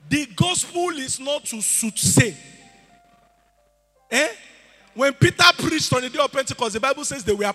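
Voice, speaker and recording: Preacher man, really high bright voice, singsongy and shouty, echoey church hall with music under. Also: normal speed. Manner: animated, sing-song, rises to shouts. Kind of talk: sermon.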